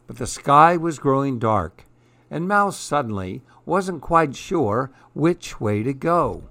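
A man reading a children's picture book aloud in a calm, measured storytelling way. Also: mid-range voice, no echo.

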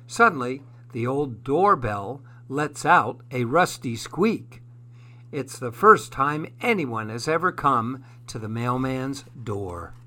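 Slow, bright-voiced male storyteller. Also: medium pitch, animated. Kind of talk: children's story narration.

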